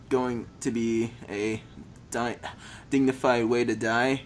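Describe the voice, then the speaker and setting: A man's voice: medium pitch, level tone, takes it slowly. A man reading a text adventure game aloud, stumbling over words and adding joking asides.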